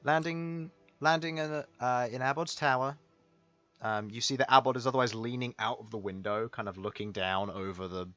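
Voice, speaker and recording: A lower-voiced man leads a tabletop game, rambling through narration with plenty of fillers. The audio sounds dull and lo-fi. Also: a bit bright. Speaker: game master.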